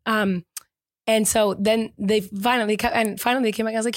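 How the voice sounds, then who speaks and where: A woman's voice: mid-range voice, fairly even intonation, fairly quick, dry recording. A woman co-hosting a podcast, telling rambling stories in casual chat. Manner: chatty, storytelling, rambling asides. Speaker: podcast co-host.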